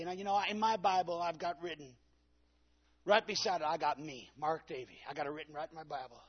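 A man preaching a Pentecostal sermon, shouting at the peaks and calling out to the congregation for answers. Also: a little high, steady tone, brisk, slightly rough, lo-fi sound. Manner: preaches with rising shouts and call-and-response. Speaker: pastor.

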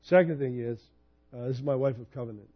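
Here a man in his fifties, a pastor, talks fast in a mid-range voice, with the recording's highs cut off. He preaches by telling personal stories in a conversational manner, animated as he recounts them.

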